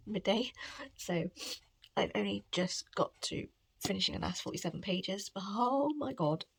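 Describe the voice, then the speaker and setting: A woman's voice: mid-range voice, gravelly, husky, no room sound. A woman talking casually about her reading in a rambling, chatty way at home. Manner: rambling, chatty, lots of filler "like". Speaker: book vlogger. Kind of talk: casual reading vlog chat.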